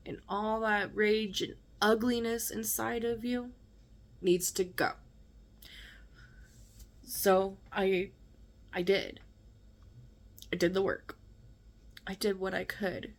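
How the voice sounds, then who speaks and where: A woman speaks at an unhurried, deliberate pace as she tells a personal story on her vlog. She talks emphatically and conversationally, often pausing to check in with her listeners. Her voice sits at a middle pitch. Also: level tone. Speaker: vlogger.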